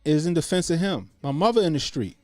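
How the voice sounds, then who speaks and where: Casual streamer, man, animated and profane, dry close mic. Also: fairly high pitch, fast, dry recording. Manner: animated, profane, acts out quotes. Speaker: host. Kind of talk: casual livestream commentary.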